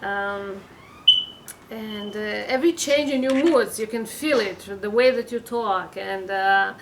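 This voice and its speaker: A woman's voice: mid-range voice, slow, a little hiss or hum, low-quality recording. A woman giving an informal weekly religious class, earnest and advising, with many fillers and restarts.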